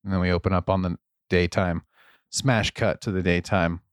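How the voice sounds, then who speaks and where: A man narrating as game master in a tabletop game, casual and a bit halting. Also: sits low, steady tone, clear, resonant tone, dry recording, clean studio sound. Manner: casual, hesitant with fillers.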